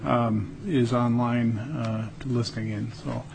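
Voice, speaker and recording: A man chairing a legislative committee hearing, speaking in a hesitant, halting way with many uhs and ums. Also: mid-range voice, fairly even intonation, vocal fry, noisy background.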